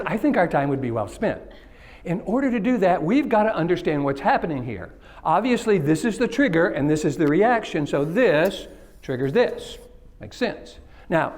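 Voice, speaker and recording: High-voiced joking Texas-born keynote speaker. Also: male voice, a little mellow. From Kilgore, Texas. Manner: engages the audience, jokes and asks questions. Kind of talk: interactive keynote talk. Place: conference stage.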